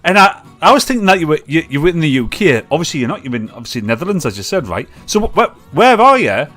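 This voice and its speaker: A man's voice: a little high, sing-song, quick pace, bright, forceful tone, soft background music. A man with a Mackem accent hosting a casual live-stream chat, rambling and swearing freely. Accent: Mackem (Sunderland).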